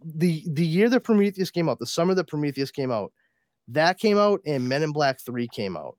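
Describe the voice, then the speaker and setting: A man's voice: on the high side, very animated, moderate pace, no room sound. A man hosting a podcast, chatting casually about films, telling stories and swearing freely. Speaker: podcast host. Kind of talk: casual pop-culture chat.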